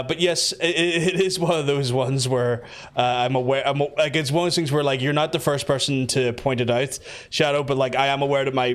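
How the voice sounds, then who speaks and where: A man's voice: mid-range voice, smooth. A man with a Belfast accent chatting casually while streaming a game, rambling and swearing with many fillers and restarts.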